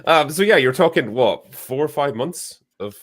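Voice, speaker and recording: A man in a casual panel discussion who speaks in a relaxed way. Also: fairly high pitch, normal speed. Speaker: panel guest.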